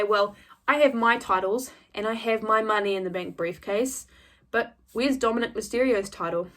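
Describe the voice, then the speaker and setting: A woman talking through a wrestling episode in a casual recap. She retells each segment with lively enthusiasm, keeping her voice in a comfortable middle pitch. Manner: enthusiastic, retelling events with quoted lines. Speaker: wrestling review host.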